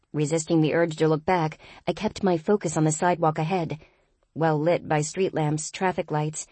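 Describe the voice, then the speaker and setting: A woman reads a first-person audiobook with a wry, lightly humorous touch. Her voice is low, and the recording is dry and close, with no room echo. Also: dark tone. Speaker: audiobook narrator.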